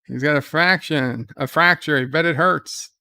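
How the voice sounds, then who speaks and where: A man giving casual live commentary on a TV episode, loosely recapping scenes and reading viewer chat questions aloud, thinking out loud as he answers. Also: fairly high pitch, moderate pace, vocal fry, no room sound. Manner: thinks out loud with fillers and restarts.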